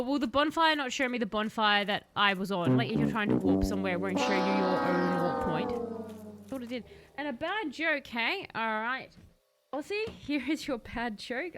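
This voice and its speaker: A woman's voice: fairly high pitch, fairly bright tone, slight background noise. A woman streaming a video game, chatting casually with her viewers and laughing often. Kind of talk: casual gaming live-stream commentary.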